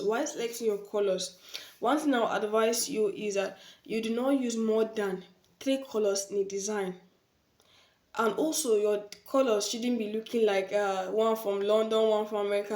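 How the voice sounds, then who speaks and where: A woman's voice: medium pitch, darkish tone. A woman teaching design basics in an informal spoken tutorial, often repeating her key points and affirming them with "yes". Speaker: design instructor. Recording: echoey room.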